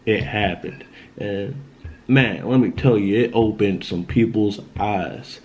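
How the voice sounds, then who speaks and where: A man's voice: lowish voice, slow pace, darkish tone, lo-fi sound, a little hiss or hum. Young man telling a story casually. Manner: loose, repetitive, keeps asking "you know what I'm saying". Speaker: vlogger telling a personal story.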